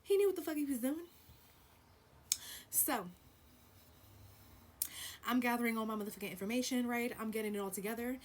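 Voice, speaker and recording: A woman telling a story on her vlog in a blunt, profane, animated way, with loud stresses and hushed asides. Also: fairly high pitch, brisk, pauses often, a little hiss or hum. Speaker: vlogger.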